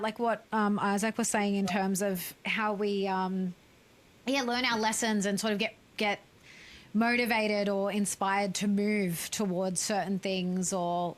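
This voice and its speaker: A woman co-hosting a podcast, asking searching questions gently with many fillers. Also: mid-range voice. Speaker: podcast co-host. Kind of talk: casual podcast conversation.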